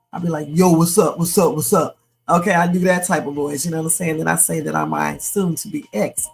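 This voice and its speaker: A woman hosting a live stream, telling a story in an animated, chatty way, often breaking into laughter. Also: fairly low pitch, vocal fry. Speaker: livestream host.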